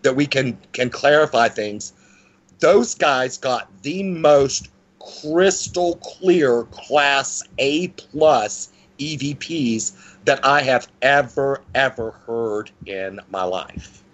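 Male guest, lively conversational storyteller with a mid-range voice. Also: slow pace, rough recording. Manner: animated, with frequent pitch swings and restarts.

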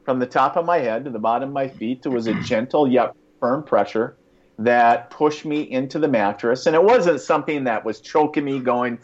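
A man's voice: mid-range voice, normal speed, lo-fi sound. A man casually telling a long personal story, rambling with many fillers, restarts and chuckles.

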